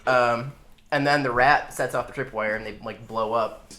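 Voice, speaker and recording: A young man co-hosting a casual film review chat, retelling scenes with quick mock voices. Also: mid-range voice, steady tone, pushed and bright. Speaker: co-host.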